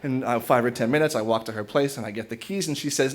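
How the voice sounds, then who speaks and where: A man's voice: medium pitch, fast talker. A man telling a funny personal story on stage in a casual, self-mocking way. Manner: conversational, self-mocking humor.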